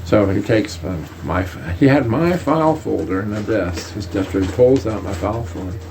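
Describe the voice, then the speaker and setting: A man's voice: lowish voice, normal speed, a little hiss or hum. An older army veteran telling a casual, rambling story with many restarts, his voice lifting whenever he quotes someone. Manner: lively, lifts his voice when quoting others. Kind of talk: casual spoken anecdote.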